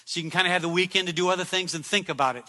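A man's voice: high-pitched, very fast, pushed and bright, in a large hall. A man preaching a sermon in an emphatic style, repeating phrases for effect. He speaks from a church sanctuary.

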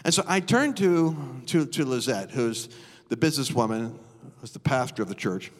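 A middle-aged man preaching live in a church, telling stories with animated, dramatic flair. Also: medium pitch, moderate pace. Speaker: guest preacher. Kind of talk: live sermon storytelling. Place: church auditorium. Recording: long reverb of a church hall.

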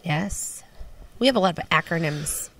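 A speaker from Minneapolis, chatting casually. The talk is hesitant, with repeated words and short agreeing replies. The voice sits at a mid pitch. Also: animated, a little slow, fairly bright tone, no echo. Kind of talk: casual chat.

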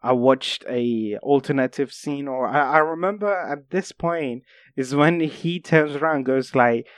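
A man's voice: mid-range voice, unhurried, no echo, studio quality. A young man co-hosting a casual film chat, rambling and hesitant as he recaps scenes. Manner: rambling, hesitant, lots of fillers. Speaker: podcast co-host.

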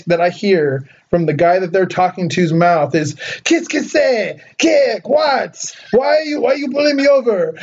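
A young man from Southern California telling a story in casual chat, animated, laughing often and saying "like" a lot. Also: high-pitched, lo-fi sound.

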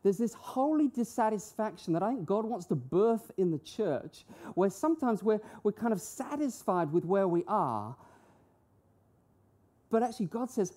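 A woman's voice: mid-range voice, sing-song, normal speed, dark tone. A woman preaching a sermon, emphatic and full of rhetorical questions that she answers herself. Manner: emphatic, uses rhetorical questions and acted-out quotes.

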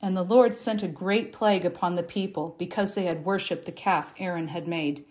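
A woman reading a Bible passage aloud in a measured, expressive way, lifting her voice for the quoted speeches. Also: fairly low pitch. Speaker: Bible reader. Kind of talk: scripture reading.

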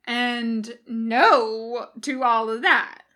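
A woman voicing a gruff, exasperated male doctor in a read-aloud fan fiction, talking dryly and grudgingly. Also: high voice, lively intonation, a little slow, pushed and bright, voice pushed up, full character voice. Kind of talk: podfic fan fiction reading.

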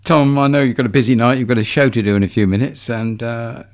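A man hosts a local radio interview in a chatty way. He prompts his guest with shared memories and easy questions. His voice sits at a middle pitch. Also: steady tone, quick pace, a little mellow. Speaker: radio presenter.

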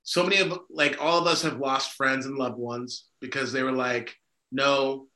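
A man's voice: mid-range voice, steady tone, moderate pace, pushed and bright. A man co-hosting a podcast, talking emphatically and discursively, often checking in with "right?". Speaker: podcast co-host. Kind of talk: conversational discussion. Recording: echoey room.

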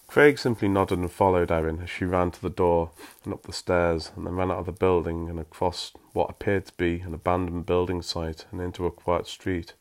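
A very deep-voiced man reads a story aloud. He drops into dry, self-mocking asides between passages. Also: steady tone, brisk, hardly any pauses.

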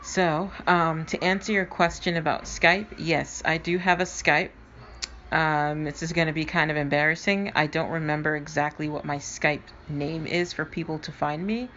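Woman podcast host, low voice, casual chatty delivery, lots of ums. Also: fairly even intonation, normal speed, a bit bright, dull audio, slight background noise. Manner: chatty, informal, trailing fillers. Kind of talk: casual solo podcast chat.

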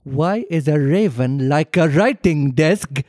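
A man voicing the Hatter as a stuck-up, slightly mad king with a slow, drawn-out put-on accent. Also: on the high side, lively intonation, darkish tone. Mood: haughty.

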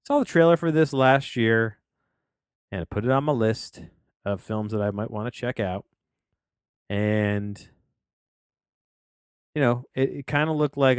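A man's voice: fairly low pitch, normal speed, pauses often, smooth, no room sound. A man hosting a casual solo film-review podcast from his home office studio, rambling through tangents and restarts.

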